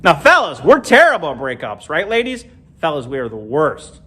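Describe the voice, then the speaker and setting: Alone in an empty comedy club, this middle-aged Illinois comic delivers an animated, punchy stand-up routine at normal speed, his pitch jumping widely. His voice is slightly rough.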